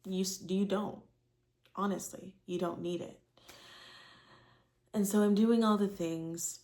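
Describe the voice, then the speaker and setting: Gravelly-voiced young woman telling a story. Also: medium pitch, fairly even intonation, slow pace, dark tone. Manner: rambling and frank, with casual swearing and many fillers. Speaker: vlogger. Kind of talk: candid personal storytelling.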